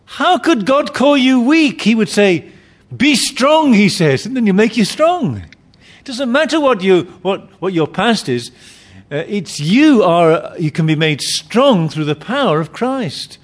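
A man's voice: high-pitched, sing-song, a little slow. A man preaching a sermon, emphatic, often repeating and restarting his phrases.

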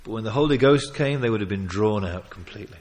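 A man preaching a sermon, emphatic, with sudden loud swells, quiet asides and chuckles as he tells stories. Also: lowish voice, animated, quick pace. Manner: chuckles while telling stories.

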